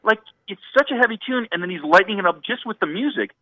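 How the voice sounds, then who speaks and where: A man's voice: high voice, lively intonation, rapid-fire, no room sound, phone-quality sound. A man, a musician guest, telling stories in a rambling stream-of-consciousness way during a radio interview.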